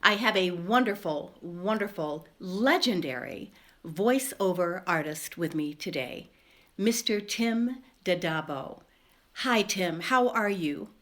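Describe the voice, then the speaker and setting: A woman's voice: on the low side, animated, slow pace, fairly bright tone. A woman hosting a podcast interview, enthusiastic and effusive with her guest. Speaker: podcast host.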